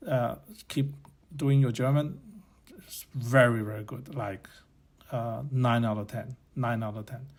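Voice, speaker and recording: Unhurried and steady in tone, a mid-range male voice belongs to a podcast host whose first language is Chinese. He muses aloud in a casual opinion monologue, blunt and opinionated, wandering off and correcting himself.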